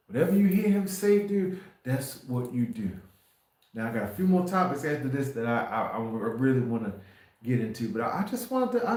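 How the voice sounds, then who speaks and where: Male livestream preacher, mid-pitched, loose and repetitive delivery, recorded in a very reverberant room. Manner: rambling, repeats words and restarts, swings from quiet to emphatic. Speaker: faith livestream host.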